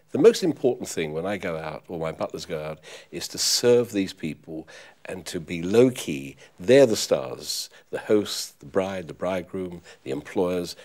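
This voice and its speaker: An older man with a softened London accent, his deep voice polite and formal. He answers interview questions in a measured way, like a seasoned professional toastmaster. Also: big pitch swings. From East End of London. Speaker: professional toastmaster and butler school head.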